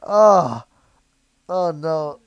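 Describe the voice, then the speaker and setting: A man's voice: fairly high pitch, lively intonation, drawn-out words, creaky, clear, resonant tone, highs cut off. A man from Canada hosting a livestream in casual chat, joking around and laughing often. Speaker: livestream host.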